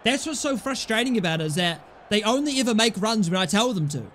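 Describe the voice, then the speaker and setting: A man's voice: high-pitched, animated, fast talker, fairly bright tone, slight background noise. A young man playing a football video game and commentating, frustrated and swearing at his players. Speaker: gaming YouTuber.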